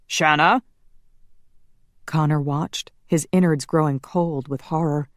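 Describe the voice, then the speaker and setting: A woman narrating a paranormal romance audiobook in a measured, steady way. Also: sits low, dry recording, clean studio sound.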